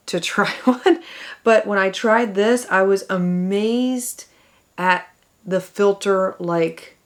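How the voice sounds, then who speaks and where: A woman talking to camera in a makeup tutorial, enthusiastic and exclaiming over the products she applies. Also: mid-range voice. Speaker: beauty vlogger.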